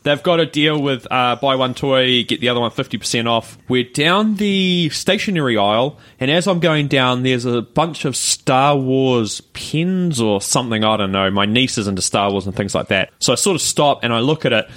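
A man's voice: medium pitch, moderate pace, hardly any pauses, fairly bright tone. A man, co-hosting a podcast and telling a rambling story with many fillers. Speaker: podcast co-host. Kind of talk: casual chat.

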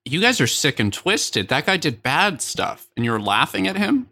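A man's voice: a little high, sing-song, normal speed, vocal fry, pushed and bright, husky. A man hosting a comedy chat, playfully teasing his guests with questions. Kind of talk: casual comedic banter.

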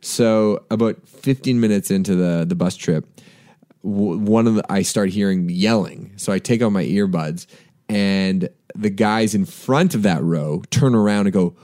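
A Canadian man, a podcast co-host, telling a rambling story in casual chat and getting animated when he quotes people. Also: fairly low pitch, measured pace, no echo, clean studio sound. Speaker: podcast co-host and band singer.

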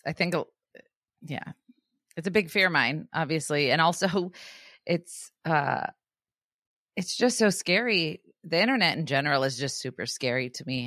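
A woman's voice: sits low, fairly bright tone, no echo, studio quality. A young woman co-hosting a podcast, chatting casually with hesitant fillers and slangy asides. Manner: hesitant, uses filler words, says dude. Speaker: podcast co-host. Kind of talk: casual chat.

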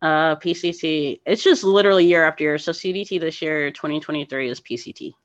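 Animated woman telling a story on a dull line. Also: deep voice, fairly quick, no room sound. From New Jersey. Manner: animated, emotional storyteller with lots of "like" and "you know". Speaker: podcast guest, thru-hiker. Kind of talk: storytelling in a casual interview.

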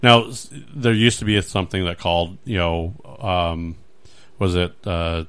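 A man hosting a podcast, chatting casually in a rambling, animated way with many restarts. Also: sits low, unhurried, clear, resonant tone. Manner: rambling, animated, acts out little scenes. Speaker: podcast host. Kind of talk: casual chat.

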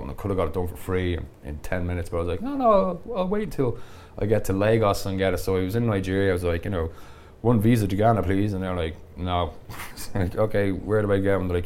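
A man, a podcast guest telling travel stories in a casual, animated way and laughing often. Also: low-pitched, slight background noise. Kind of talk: casual storytelling.

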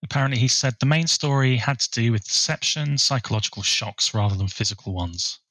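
A man co-hosting a podcast, chatting casually about a film and sharing bits of research in a relaxed way. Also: mid-range voice, brisk, dry recording, low-quality recording. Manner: relaxed, shares researched trivia. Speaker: podcast co-host.

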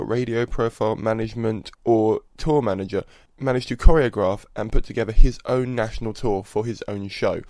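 A man's voice: mid-range voice, darkish tone, dry recording. A man hosting a podcast, giving a chatty, earnest spoken introduction. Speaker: podcast host.

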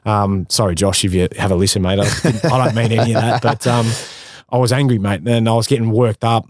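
Candid Australian man, low dry voice. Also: steady tone, fairly quick, darkish tone, no echo. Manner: candid storytelling, self-mocking, slangy. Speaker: guest, former pro footballer. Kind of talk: casual podcast interview.

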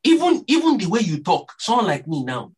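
A man's voice: high voice, wildly swooping pitch, fairly quick, slightly rough. A man with a Nigerian accent preaching a sermon earnestly, repeating phrases for emphasis.

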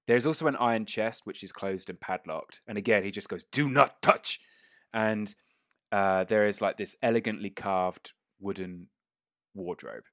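A man's voice: on the low side, fairly even intonation, moderate pace, no echo, studio quality. A man narrating a tabletop game as game master, casual and sweary, laughing often.

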